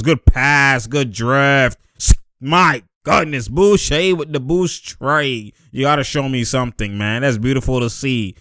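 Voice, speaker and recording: A young man giving excited, animated commentary over basketball highlights, laughing often and shouting at the plays. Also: takes it slowly, no room sound, clean studio sound.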